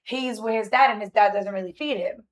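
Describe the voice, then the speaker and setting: A woman's voice: medium pitch, fairly quick. A woman in her forties, a podcast guest, telling a family story in casual chat with many fillers and restarts.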